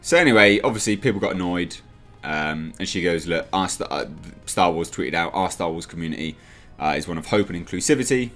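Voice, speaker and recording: A man's voice: sits low, lively intonation, a little fast, hardly any pauses, a bit bright, faint music behind. A man ranting in a commentary vlog, sarcastic and exasperated, slipping into mocking voices. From United Kingdom. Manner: sarcastic, exasperated, mocks others in put-on voices. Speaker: commentary vlogger.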